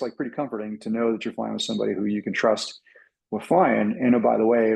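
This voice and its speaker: Gravelly man telling a flying story. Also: on the low side, low-quality recording. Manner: animated storytelling, acts out radio calls. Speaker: pilot and flight instructor. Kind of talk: casual talk to a pilots' club.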